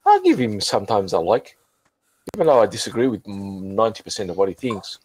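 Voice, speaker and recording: A man's voice: lowish voice, big pitch swings, fairly quick, a little mellow, husky, rough recording. A drunk man chatting casually as host, rambling with many restarts and swearing. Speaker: channel host. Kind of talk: casual chat on a group voice call.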